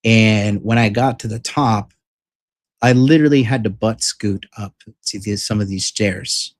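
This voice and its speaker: A man with a lowish voice telling a story straight to camera, swearing freely and circling back with fillers and restarts. He speaks frankly and with emphasis. The sound is dry and close, with no room echo. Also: unhurried. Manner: rambling, profane, filler-heavy retelling. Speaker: vlogger. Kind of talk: casual storytelling vlog.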